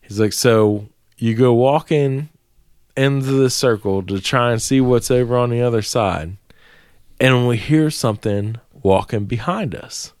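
A man's voice: mid-range voice, unhurried, a little mellow, no room sound. A man co-hosting a podcast, telling a long profane story in casual chat from a small dry room. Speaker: podcast co-host.

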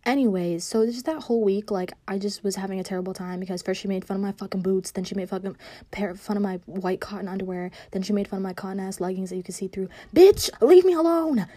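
Young girl ranting, cussing nonstop and roasting everybody, mid pitch, close dry mic. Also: fast, dry recording. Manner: profane, mocking, animated storytelling. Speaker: vlogger. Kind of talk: casual storytime rant.

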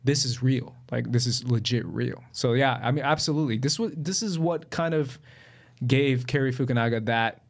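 A man's voice: medium pitch, normal speed, vocal fry. A man co-hosting a casual film review chat, talkative and asking his partner questions. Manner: chatty, asks questions, laughs easily. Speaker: film podcast co-host.

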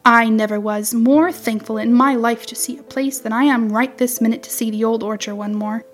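In a storybook reading, a woman voices a fussy, sharp-tongued little wren who scolds and chatters. The voice sits fairly high, tart and quick to reprove, with fairly even intonation and light acting. The mood is scolding, and faint music plays underneath.

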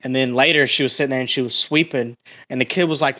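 A man's voice: mid-range voice, steady tone, quick pace, pushed and bright, muffled recording. A man, a podcast guest talking casually and rambling, with lots of swearing and restarts.

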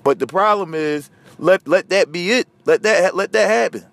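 A man hosting a podcast, ranting casually and profanely, veering from loud outbursts to low muttering. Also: normal speed, vocal fry, no echo. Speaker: podcast host. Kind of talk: casual solo rant.

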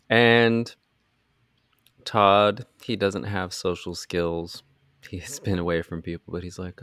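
A low-voiced man hosting a podcast. He recaps a film in loose, animated chat, sarcastic and swearing freely. His voice sounds dry and close. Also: unhurried, dry recording. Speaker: podcast host. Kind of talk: casual movie recap chat.

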